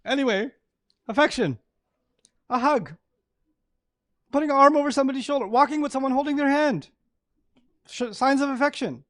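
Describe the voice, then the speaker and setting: Male preacher, high voice, animated storytelling sermon with laughs. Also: moderate pace, long pauses, dry recording. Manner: animated, acts out examples, laughs often. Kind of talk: sermon to a live audience.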